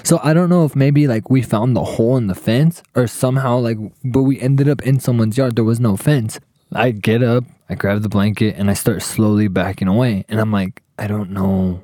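A man's voice: mid-range voice, a little fast, no echo, studio quality. A young man casually telling a profane story to friends, acting out what everyone said. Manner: profane, animated, acts out quotes.

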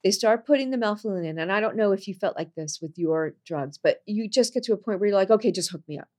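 A woman telling a personal story in conversation, earnest, going soft and low on serious moments and jumping high when she quotes people. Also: fast talker. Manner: animated, jumps high when quoting people.

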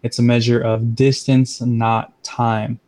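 A man hosting a casual movie review podcast, steering the talk and explaining details in a measured way. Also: mid-range voice. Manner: steers the discussion, even and measured. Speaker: podcast host.

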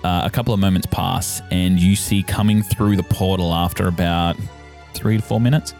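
A man's voice: low voice, steady tone, normal speed, creaky, darkish tone, faint music behind. A man narrating as game master of a tabletop role-playing game, describing scenes with fillers.

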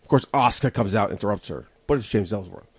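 A man's voice: fairly low pitch, fast talker, husky, no echo. A man co-hosting a casual wrestling chat, blunt and joking. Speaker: podcast co-host.

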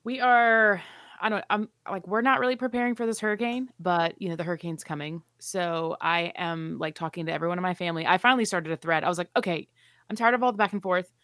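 A woman's voice: fairly low pitch, fast talker, a bit bright, no room sound, studio quality. A woman from Charleston co-hosting a podcast, chatting expressively and laughing easily. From Charleston, South Carolina. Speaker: podcast co-host. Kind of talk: casual chat.

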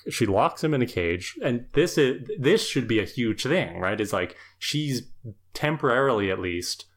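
A podcast co-host giving thoughtful, measured commentary in casual chat. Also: medium pitch, lively intonation. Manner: thoughtful, measured, uses fillers.

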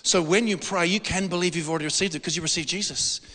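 A man preaching a sermon, animated and emphatic, repeating words for stress. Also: sits high, fast. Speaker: pastor. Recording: hall reverb.

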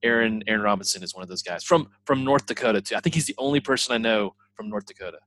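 A man's voice: on the low side, lively intonation, quick pace, fairly bright tone, a little hiss or hum. A man co-hosting a podcast, chiming in with short eager remarks in casual chat. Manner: brief eager interjections. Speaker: podcast co-host.

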